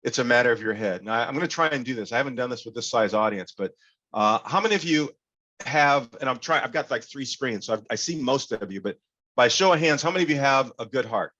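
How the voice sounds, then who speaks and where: A man giving an animated, interactive workshop talk over a video call, leading the audience in call-and-response. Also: medium pitch, quick pace, highs cut off. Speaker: workshop speaker.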